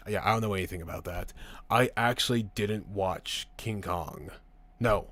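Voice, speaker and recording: A man's voice: low voice, measured pace. Profane young man ranting on a live stream. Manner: profane, rambling, animated ranting. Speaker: streamer reading live chat. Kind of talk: casual live stream chat.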